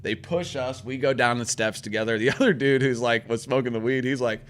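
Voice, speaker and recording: A man's voice: medium pitch, a little fast, a bit bright. Profane St. man telling a story. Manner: profane, rambling anecdote with acted-out quotes. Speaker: podcast co-host. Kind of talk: casual storytelling chat.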